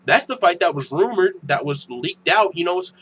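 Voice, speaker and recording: A young man hosting a casual MMA news channel, ranting in a profane, animated way that turns heated and loud. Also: high voice, slightly rough, poor audio. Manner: profane, animated, quick to get heated and shout.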